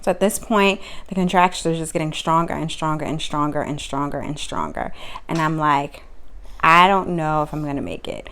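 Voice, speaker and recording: A young woman, telling her own story to camera in casual vlog style, acting out what people said. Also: normal speed. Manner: animated, acts out quotes with sudden high pitch jumps.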